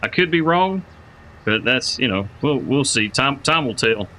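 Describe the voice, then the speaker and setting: A man hosts a live game stream, rambling casually and greeting viewers by name. His voice is bright and forward. Faint game noise sits quietly behind him. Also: mid-range voice, expressive, unhurried, rough recording. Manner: rambling, repeats words while thinking aloud. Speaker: livestreamer playing a farming game.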